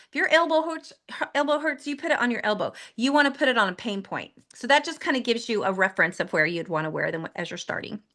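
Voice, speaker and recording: Woman host, bright and crisp, fairly high, pitching with eager enthusiasm. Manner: upbeat, persuasive, enthusiastic. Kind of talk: promotional team call.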